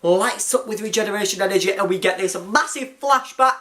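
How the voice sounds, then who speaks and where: An excited fan reviewer recapping a TV episode, gushing and rambling, often restarting with "anyway". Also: mid-range voice, a little fast.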